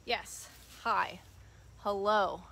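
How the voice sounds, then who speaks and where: A woman's voice: medium pitch, steady tone, very slow, vocal fry, low-quality recording. A young woman hosting a casual livestream outdoors, chatting with viewers and reading their comments as she works. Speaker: livestream host. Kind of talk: casual live chat while working. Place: outdoors on grass. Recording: loud sanding noise in background.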